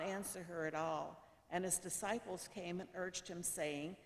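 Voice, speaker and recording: A woman reading the gospel aloud at a church service, clear and deliberate. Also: lowish voice. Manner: clear, deliberate reading with quoted lines lifted. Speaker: gospel reader. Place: church sanctuary. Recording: church with long reverb.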